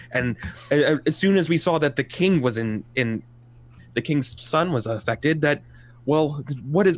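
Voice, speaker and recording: A man playing a young knight who earnestly pleads his loyalty in a halting, rambling way during a tabletop role-play game. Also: medium pitch, lightly acted.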